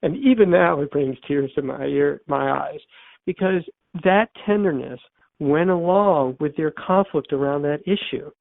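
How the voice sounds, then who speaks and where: A man's voice: fairly high pitch, measured pace, gravelly, dry recording. An older man, an author and therapist, telling a personal story in an interview, earnest and repeating phrases for emphasis. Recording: tinny phone-line sound, dry.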